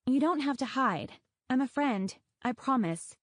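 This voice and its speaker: A woman's voice: sits high, animated, measured pace, no room sound, clean studio sound, voice pushed up. A woman doing an earnest young dragon girl. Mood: pleading. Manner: earnest, pleading. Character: young female dragon, earnest, eager to reassure.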